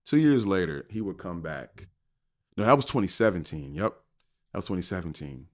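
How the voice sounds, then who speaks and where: A man's voice: sits low, moderate pace. A middle-aged man, a guest on a podcast, telling a story with lots of energy, acting out the people in it and laughing often. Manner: lively storyteller, acts out voices, laughs often. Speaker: podcast guest, finance professor. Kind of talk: animated storytelling.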